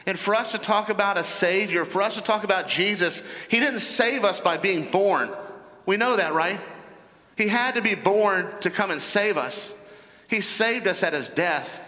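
A man's voice: high-pitched, normal speed, sharp tone. A man preaching a sermon as pastor, emphatic and repeating phrases for stress. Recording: long hall reverb.

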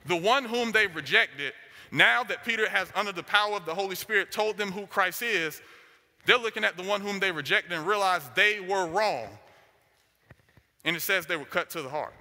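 A man's voice: high voice, normal speed, bright, forceful tone. A man preaching a sermon, driving his points home with short, repeated declarations. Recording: long hall reverb.

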